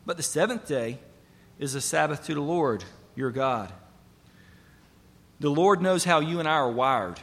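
A man's voice: fairly high pitch, animated, a little slow, pauses often, fairly bright tone, husky. A man preaching a sermon to his congregation, earnest and emphatic, building through repeated phrases. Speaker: pastor. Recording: long hall reverb.

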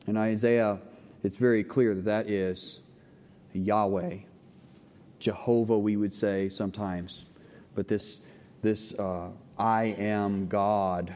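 This pastor speaks slowly with long pauses, his lowish, dark voice fairly even in intonation. He preaches a conversational teaching sermon, questioning the congregation and often checking in with okays, as the church hall adds long reverb.

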